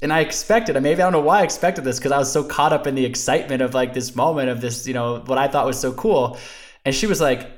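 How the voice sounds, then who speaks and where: A man speaking as a guest on a podcast, his voice sitting in an ordinary middle pitch. He tells stories from his own life in an earnest, animated, conversational way. He often fills his sentences with "you know" and "like.". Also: fast talker. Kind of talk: conversational storytelling interview.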